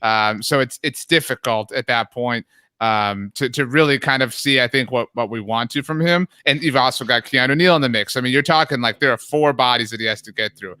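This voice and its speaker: A man, a guest who owns a fan site, talking through team analysis in a measured, thoughtful way. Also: medium pitch, bright, forceful tone, smooth, no echo. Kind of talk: casual podcast chat.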